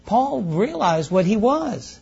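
High-voiced man preaching a folksy sermon. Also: sing-song, slow, gravelly, darkish tone, slightly rough, lo-fi sound. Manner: folksy, conversational preaching with congregation call-outs.

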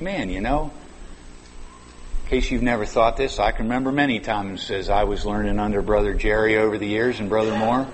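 A man delivers a sermon in a mid-pitched voice, chatting with the congregation and then leaning hard on key words. His voice rings out with a long reverb, and a faint room ambience sits behind it. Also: a little hiss or hum. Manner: conversational preaching with sudden emphatic stresses. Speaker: preacher. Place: large church conference hall.

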